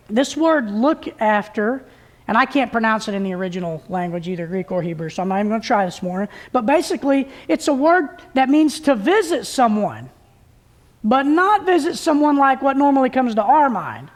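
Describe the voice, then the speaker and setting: A woman preaching a conversational sermon at a church service, plain-spoken and folksy, often restarting her sentences. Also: a little high.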